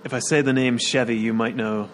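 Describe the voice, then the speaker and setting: A man's voice: mid-range voice, flat delivery, a little fast, a little hiss or hum. A young man in a casual podcast chat, telling an anecdote and giggling through it. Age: young adult.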